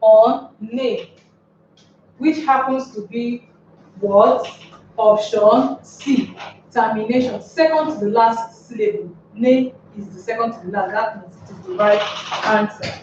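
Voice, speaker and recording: A woman teacher explains at a very slow pace, often repeating herself and posing questions to the class. Her voice is fairly high and sounds distant from the mic. The recording is dull, with heavy room echo. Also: a little mellow, a little hiss or hum. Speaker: English teacher.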